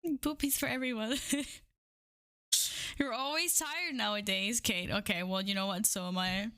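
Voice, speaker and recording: A playful woman livestreamer in casual chat with her viewers, full of giggles and bubbly energy. Her voice sits a little high and rings very bright and sharp. She talks into a streaming microphone while wearing headphones. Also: steady tone, unhurried.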